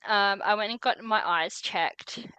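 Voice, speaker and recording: Woman, podcast co-host, bright and vivid storyteller, dry close sound. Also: mid-range voice, a little slow, clean tone, no echo, low-quality recording. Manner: lively storyteller, acts out quoted voices. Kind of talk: casual group chat.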